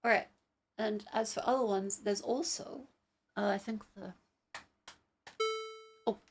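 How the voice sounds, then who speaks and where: A woman's voice: mid-range voice, fairly even intonation, measured pace, creaky. A young adult woman streamer chatting casually and rambling, with many fillers and some swearing, while testing tracking gear. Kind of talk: casual live-stream chat.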